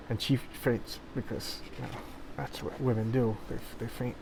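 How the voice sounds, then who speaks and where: A man of middling pitch talks loosely through a comic, tripping over his words and circling back as he retells each panel. He records in a warm room, and a faint hum of a fan sits underneath. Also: flat delivery, moderate pace, poor audio. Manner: rambling, repeats words, paraphrases the panels. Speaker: comic book reviewer. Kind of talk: casual comic walkthrough. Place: hot room with a noisy fan. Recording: faint fan noise behind.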